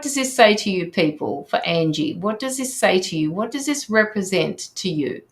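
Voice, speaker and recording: Woman doing a live tarot stream, lowish voice, gentle and reassuring, lots of ums. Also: animated, moderate pace, few pauses. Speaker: tarot reader hosting a livestream. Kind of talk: live tarot reading, reading viewer comments aloud.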